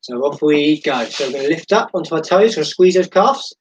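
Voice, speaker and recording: A man's voice: a little high, animated, a little fast, a little hiss or hum, poor audio. A man leading a live-streamed seated and standing exercise class from his home, giving encouraging step-by-step cues with chatty, self-deprecating asides. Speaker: fitness instructor.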